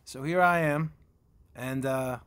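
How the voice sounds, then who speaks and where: A man's voice: medium pitch, slow pace, a bit bright, smooth. A man in his forties casually reviewing gear, rambling and correcting himself, recorded at a table in a room at home through a camera-mounted shotgun mic. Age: 40s. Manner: rambling, self-correcting, chatty.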